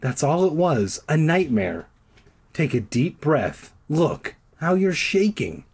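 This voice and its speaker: A man voicing a tired, gentle mother who soothes her son softly in a storybook reading. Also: a little high, sing-song, slow, slightly rough, pitched above the performer's own voice, exaggerated voice. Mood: soothing. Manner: soft, soothing.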